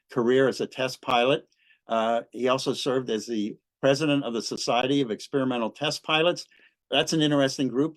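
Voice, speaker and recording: A man from Kentucky walks an audience through a slide presentation at an unhurried pace. He fills his pauses with frequent "uh"s, and his voice sits in a medium range. The sound is dry and close. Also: medium pitch, no echo, low-quality recording. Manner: relaxed, many "uh" fillers. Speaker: guest speaker at a museum history talk.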